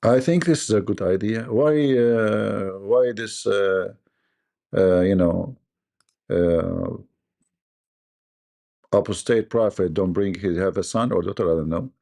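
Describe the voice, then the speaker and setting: A man's voice: on the low side, slow pace, gravelly, pauses often, mellow. A man hosting a livestream, giving mocking commentary in a sarcastic manner, laughing often and mimicking voices. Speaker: livestream host.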